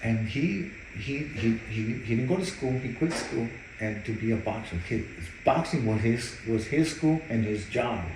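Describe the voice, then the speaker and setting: A man's voice: mid-range voice, lively intonation, moderate pace, few pauses, echoey room, noisy background. A man, a boxing trainer, telling stories in a casual interview, cursing freely and repeating words as he goes. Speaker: boxing trainer and cutman, guest.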